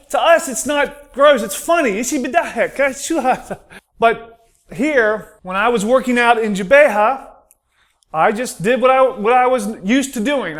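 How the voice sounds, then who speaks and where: A man's voice: extremely high pitch, a bit bright. An American man doing a stand-up comedy routine, telling stories and acting out the dialogue. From United States. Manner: storytelling, acts out dialogue.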